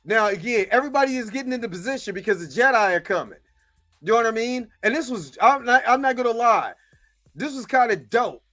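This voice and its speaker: A man's voice: very high-pitched, lively intonation, sharp tone, faint music behind. A man hosting his own show, giving a slangy, casual episode recap and often asking "you know what I'm saying". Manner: acts out the characters' lines in quick bits. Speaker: show host.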